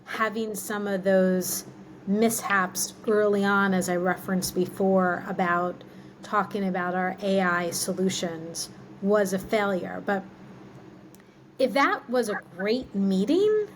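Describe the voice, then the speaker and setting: A woman speaks as an interview guest, candid and reflective, her thoughts laced with casual fillers. Her voice sits in an ordinary middle range. A faint steady hum sits under the recording. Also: mid-range voice, slow pace, low-quality recording. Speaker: guest, marketing executive.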